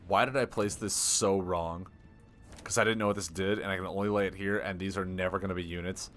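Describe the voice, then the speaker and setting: A man streaming a card game live, thinking aloud with excitable, self-deprecating commentary. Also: deep voice, brisk, soft background music.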